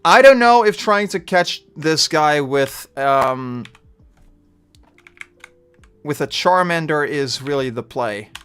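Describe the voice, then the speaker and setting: Bright-voiced Dutch man streaming. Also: on the high side, animated, slow, pauses often, clear, resonant tone. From Netherlands. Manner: chatty, bursts of frustration, trailing off. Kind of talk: live game commentary.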